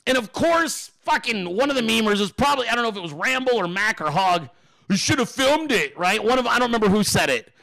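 A man's voice: quick pace, creaky, hardly any pauses. A middle-aged man hosting his own podcast, telling a story in a loose, profane way and then ranting, with mimicked voices thrown in. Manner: animated, profane, mimics others in high voices. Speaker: podcast host. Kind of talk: casual storytelling and political rant.

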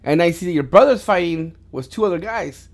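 Rambling, profane dad telling stories. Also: male voice, sits high, brisk. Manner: rambling, with many restarts and swearing; gets loud and animated in fight stories. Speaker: podcast host talking with his son. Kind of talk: casual storytelling chat.

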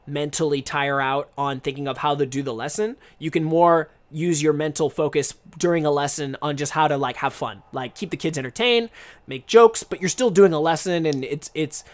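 A man's voice: a little high, moderate pace. A young man streamer and English teacher talking casually to camera, rambling and restarting his sentences with lots of fillers. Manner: rambling, self-interrupting, many fillers.

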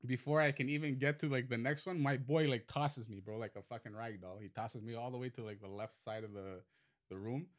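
Man, casual podcast storytelling, salty language, acts out quotes, average pitch. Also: a little fast. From Montreal. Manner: swearing, animated retelling with acted quotes.

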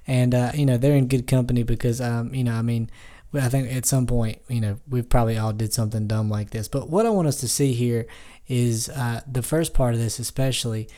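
A man with a mellow, warm tone leads a casual Bible devotional. He reads scripture aloud and then talks it through in an easygoing way, full of "um"s and restarts. His pitch sits in an ordinary middle range. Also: brisk. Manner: relaxed with frequent fillers and restarts. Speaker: Bible teacher.

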